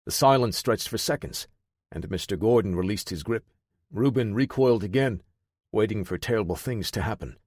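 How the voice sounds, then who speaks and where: Low-voiced male audiobook narrator. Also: lively intonation, moderate pace, a little mellow, dry recording, clean studio sound.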